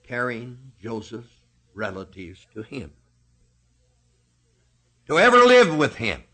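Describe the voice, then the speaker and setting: A man preaching a sermon, slow and emphatic, rising and falling sharply in pitch and loudness. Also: huge pitch swings.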